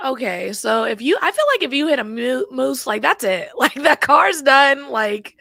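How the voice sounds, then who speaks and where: A woman hosts a podcast interview in a bubbly, chatty way and laughs often. Her voice sits slightly high with a gravelly fry under it. The recording is dry and close, with no room around it. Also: expressive, normal speed, bright, forceful tone, no echo. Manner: bubbly, laughs often, frequent back-channeling. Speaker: podcast host. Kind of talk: casual interview chat.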